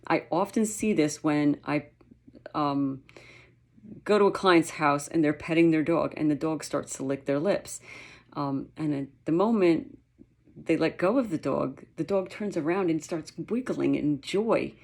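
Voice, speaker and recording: A woman's voice: deep voice, unhurried, gravelly, a little mellow. A woman dog trainer giving a casual, chatty lesson, with many fillers and the occasional playful dog sound. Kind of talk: casual instructional talk.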